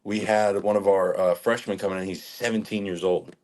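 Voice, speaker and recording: A man in his twenties, a college football lineman, telling lively stories with laughs and swearing as a podcast guest. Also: sits low, a little fast. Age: 20s. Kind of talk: casual podcast chat.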